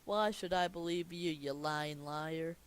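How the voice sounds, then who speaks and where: A gruff, greedy crab boss from a cartoon, blustering and bossy, as a young man puts him on. He sounds like a middle-aged man who counts every coin. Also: on the high side, unhurried, close to an everyday voice. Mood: accusing.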